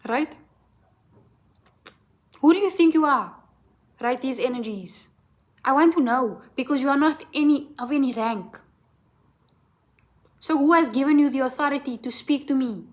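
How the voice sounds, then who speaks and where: A tarot reader with a high voice at a moderate pace turns her reading into a blunt, profane, impassioned rant, asking "right?" over and over.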